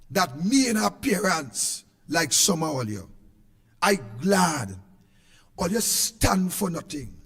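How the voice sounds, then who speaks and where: A man with a Trinidadian accent giving an impassioned political speech, shouting in a repetitive, sing-song way. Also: high voice, in a large hall. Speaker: political speaker.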